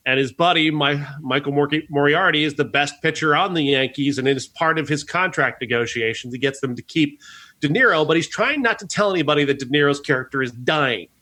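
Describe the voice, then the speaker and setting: A man on a movie podcast rants about a film with plenty of swearing and laughter. His voice is bright and fairly high, and his pitch jumps around a lot as he gets worked up. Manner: ranting, swearing, laughing often. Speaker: podcast co-host. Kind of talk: casual movie review chat.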